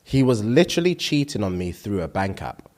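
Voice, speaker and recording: A man's voice: fairly low pitch, a little fast. A man co-hosting a podcast in casual chat, reading out listener comments and laughing often. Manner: animated, reads comments aloud and laughs often. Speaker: podcast co-host.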